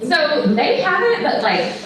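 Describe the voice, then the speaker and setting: A woman's voice: high-pitched, a little slow. A woman from Texas with a Texan accent, giving a conference talk and acting out conversations as she tells stories. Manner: animated storytelling, acts out dialogue. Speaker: conference speaker. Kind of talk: presentation with audience Q&A. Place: conference room. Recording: echoey room from far off, noisy.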